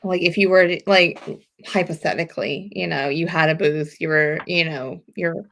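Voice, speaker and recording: A woman's voice: lowish voice, fairly even intonation, normal speed, creaky, fairly bright tone, slight background noise. A woman in casual chat, asking hesitant, rambling questions with many fillers.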